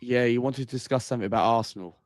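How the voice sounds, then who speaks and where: A man's voice: mid-range voice, racing, dry recording, studio quality. A man hosting a casual call-in livestream, talking bluntly and tagging lines with bro and mate. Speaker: livestream host.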